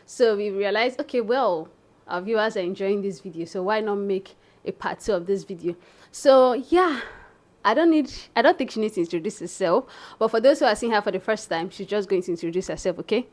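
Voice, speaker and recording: A woman's voice: mid-range voice, lively intonation, a little fast, a little mellow. A young woman from Nigeria hosting her vlog, chatting casually to viewers she calls besties. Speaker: vlogger host. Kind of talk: casual chat.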